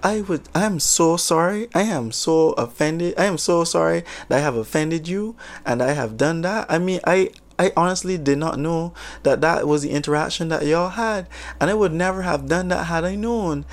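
A man's voice: a little high, normal speed, pitched above the performer's own voice, lightly acted. A man voicing a flustered woman customer who apologizes over and over in a breathless, overly polite way. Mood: apologetic.

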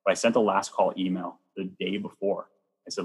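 A man who works as a Catholic youth minister, telling personal stories earnestly in a chatty way, sometimes rushing with excitement. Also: deep voice, breathy edge, poor audio. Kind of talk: personal storytelling in an interview.

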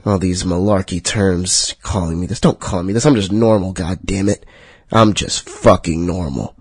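A man hosting a solo podcast, talking in a profane, heated rant that jumps high and loud when he gets worked up. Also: normal speed, slightly rough, dry recording. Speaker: podcast host.

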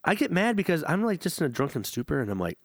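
Young male podcast co-host, quick and lively, swears freely, slightly higher voice, dry close sound. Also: dry recording. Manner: rambling, profane storytelling. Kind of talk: casual chat.

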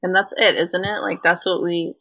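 Low-voiced chatty woman host. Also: little pitch movement, normal speed, bright, forceful tone, no room sound. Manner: chatty, lots of "like" fillers. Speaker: podcast host. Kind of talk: casual chat.

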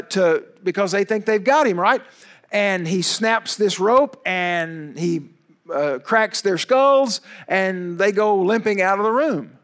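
A male pastor preaching a sermon in an animated storytelling way, with emphatic asides to his listeners. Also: sits high.

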